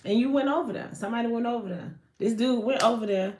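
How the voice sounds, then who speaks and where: A woman giving a live tarot reading in an animated, slangy way, swearing and often breaking off mid-sentence. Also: fairly high pitch, quick pace, roomy sound, a little hiss or hum. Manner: animated, slangy, swears, frequent self-interruptions. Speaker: tarot card reader.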